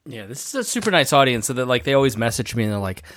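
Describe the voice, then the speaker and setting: A man's voice: mid-range voice, sing-song, very fast, a bit bright, no room sound, studio quality. A man co-hosting a podcast, chatting in a laid-back, wry way. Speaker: podcast co-host. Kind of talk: casual podcast chat.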